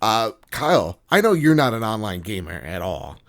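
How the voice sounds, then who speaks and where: Animated joking man, podcast host. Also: lowish voice, normal speed. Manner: animated, joking, lots of fillers. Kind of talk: casual chat.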